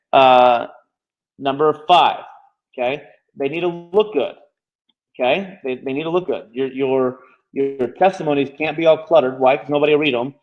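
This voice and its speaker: Fast-talking male marketing instructor. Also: medium pitch, muffled recording. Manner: fast-talking, constantly checking in with "okay?". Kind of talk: live online class teaching.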